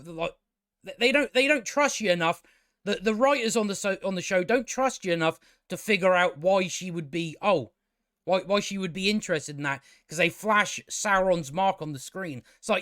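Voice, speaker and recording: Man, high-pitched, dry close sound; rambling casual reviewer, incredulous and exasperated. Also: animated, moderate pace, fairly bright tone, dry recording. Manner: exasperated, incredulous, full of fillers and restarts. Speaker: TV show reviewer.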